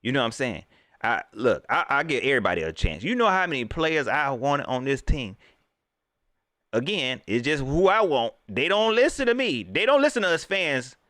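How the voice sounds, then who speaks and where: A man hosting a casual sports fan livestream, swinging between loud outbursts and low mutters, with colloquial speech and mocking impressions of coaches. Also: sing-song, normal speed, no echo, clean studio sound. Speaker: sports fan channel host.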